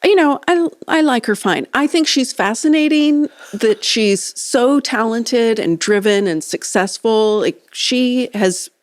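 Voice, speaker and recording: A woman co-hosting a podcast in casual chat, easygoing and quick to laugh, often finishing her co-host's sentences. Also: a little high, no room sound, clean studio sound. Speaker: podcast co-host.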